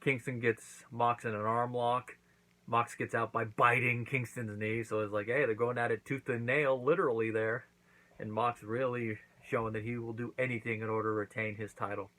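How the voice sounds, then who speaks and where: A man's voice: mid-range voice, level tone, moderate pace, pushed and bright, low-quality recording. A man hosting his own channel, casually recapping and reviewing a wrestling event, acting out quotes as he goes. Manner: chatty recap with acted-out quotes.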